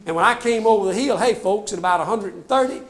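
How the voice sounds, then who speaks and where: An older man with a drawl tells stories in a folksy, self-mocking way. His voice sits high for a man and keeps calling out to the crowd. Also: fast, a bit bright. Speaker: comedian telling trooper stories. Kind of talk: stand-up storytelling.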